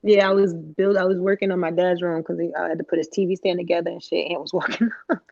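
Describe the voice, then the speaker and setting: A woman's voice: on the low side, flat delivery, fast, creaky, darkish tone, no room sound. Slangy, profane woman podcaster, dull dry sound. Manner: slangy, profane, rambling with frequent laughter. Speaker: podcast co-host. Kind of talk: casual chat.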